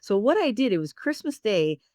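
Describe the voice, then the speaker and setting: A woman's voice: medium pitch, very animated, normal speed, a little mellow, dry recording, clean studio sound. Upbeat woman co-host telling a story. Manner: chatty and upbeat. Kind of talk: casual storytelling.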